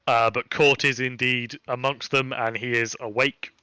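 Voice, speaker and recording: A man's voice: medium pitch, fairly even intonation, measured pace, bright, forceful tone, smooth, dry recording, faint music behind. A man narrating a tabletop game as game master, casual and full of fillers.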